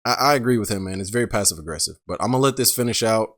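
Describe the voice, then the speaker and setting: A man's voice: fairly low pitch, lively intonation, racing, fairly bright tone. A man hosting a reaction show, giving blunt commentary full of rhetorical questions. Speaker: reaction host. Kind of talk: casual commentary on a clip.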